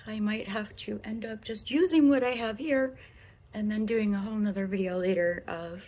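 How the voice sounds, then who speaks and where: A woman's voice: mid-range voice, moderate pace, darkish tone. A young woman from the American Midwest with a Midwestern accent, chatting through a casual makeup review vlog in her bedroom, rambling and often slipping into a whisper. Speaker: beauty vlogger.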